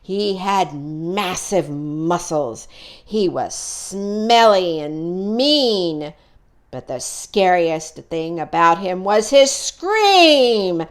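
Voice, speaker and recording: A woman voicing a young male moose who tells spooky campfire tales in a storybook reading, with a theatrical, booming delivery. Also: animated, extremely slow.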